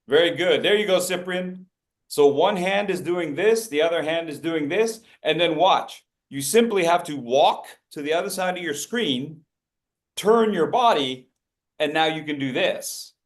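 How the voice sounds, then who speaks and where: Over a video call, a man with a slightly high voice runs an interactive public speaking workshop, coaching participants by name and acting out gestures in playful voices.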